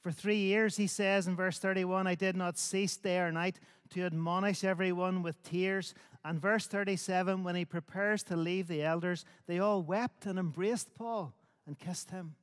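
A man preaching a sermon in measured, emphatic phrases built on repetition. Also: sits high, steady tone, clear, resonant tone, in a large hall. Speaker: pastor.

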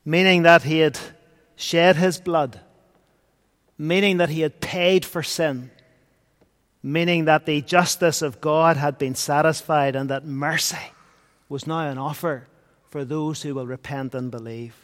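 A man preaching a sermon, earnest, swinging between loud and hushed. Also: a little high, fairly even intonation, unhurried. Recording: long hall reverb.

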